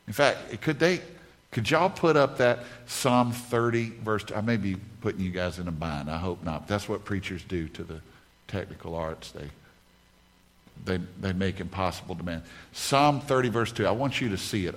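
A man's voice: on the low side, expressive, moderate pace. A man preaching a sermon at a conference, emphatic, repeating key phrases over and over. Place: conference stage.

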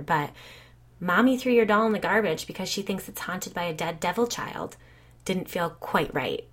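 Low-pitched woman narrator, dry and wry, conversational storytelling. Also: sharp tone.

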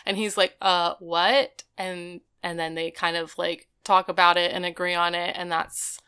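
A woman co-hosting a laid-back recap chat, her voice bright and forward with a clean, crisp finish. She keeps retelling scenes in a loose, chatty way, scattering "like" through every sentence. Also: on the low side, level tone, measured pace. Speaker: podcast co-host. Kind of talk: casual episode recap chat.

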